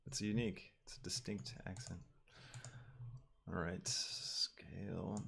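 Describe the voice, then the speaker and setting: Low, gravelly male streamer who muses and stalls while he works; casual, unpolished delivery. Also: flat delivery, a bit bright, a little hiss or hum. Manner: thinking aloud, halting with ums and restarts. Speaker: 3D artist livestreaming his work. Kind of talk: casual livestream talk while working.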